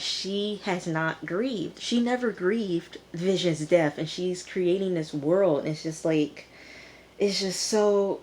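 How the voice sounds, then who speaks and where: Woman going over a tv episode, kinda low voice, takes her time, lots of exclaiming at her viewers. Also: a little mellow. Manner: exclaiming, talks straight to the viewers. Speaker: TV episode reviewer. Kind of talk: casual episode recap.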